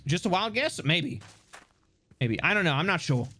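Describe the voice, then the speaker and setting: A man live-streams a game and chats with viewers in a rambling, playful way, swearing and laughing often. His voice is high-pitched, sing-song and sharp, at a moderate pace.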